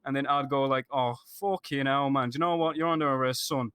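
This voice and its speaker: A man's voice: mid-range voice, fairly even intonation, fairly quick, a bit bright, smooth, no echo, close to an everyday voice. A man playing a crude, laid-back police applicant in a game role-play, cocky and rambling.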